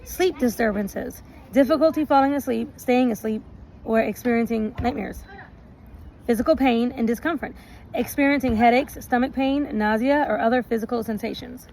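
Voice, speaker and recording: A woman recording a relationship vlog outdoors, reading out points slowly and adding chatty asides. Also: on the high side, gravelly, darkish tone, rough recording. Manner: reads lists slowly, adds chatty asides. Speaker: relationship vlogger. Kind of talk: casual talk, reading points aloud. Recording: outdoor recording with noticeable background noise.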